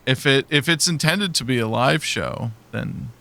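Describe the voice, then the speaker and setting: A man's voice: mid-range voice, unhurried, creaky, sharp tone. A man hosting a casual podcast chat, joking and teasing his co-hosts in a laid-back way. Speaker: host and producer.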